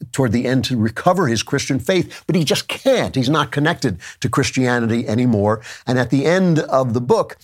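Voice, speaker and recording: A man hosting his own podcast, delivering an emphatic political commentary monologue in a conversational manner, with asides and quick self-corrections. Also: medium pitch. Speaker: podcast host.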